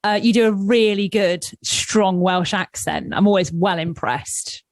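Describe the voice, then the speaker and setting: Woman co-host, teasing and bubbly, medium pitch, dry. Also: unhurried, dry recording. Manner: upbeat, teasing banter. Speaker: podcast co-host. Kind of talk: casual chat.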